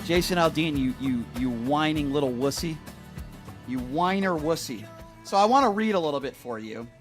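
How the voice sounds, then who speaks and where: A man's voice: fairly high pitch, expressive, moderate pace, soft background music. A male talk show host delivering an indignant, mocking rant, repeating his points over and over. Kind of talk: opinionated talk radio rant.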